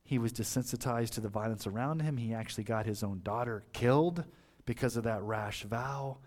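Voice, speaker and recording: A man preaching a sermon as pastor, his voice rising sharply on emphasis and dropping low and quiet on grave points. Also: brisk.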